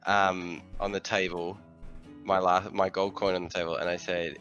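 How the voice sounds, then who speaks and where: A man playing a tabletop game, speaking politely and hesitantly with many pauses. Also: low voice, little pitch movement, a bit bright, muffled recording, soft background music. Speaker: player. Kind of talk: tabletop game play, casual chat.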